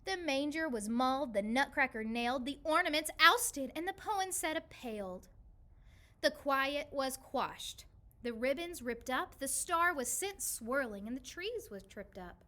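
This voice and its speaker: A woman reading a rhyming children's picture book aloud, with an expressive, rhythmic delivery. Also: high-pitched, normal speed, few pauses.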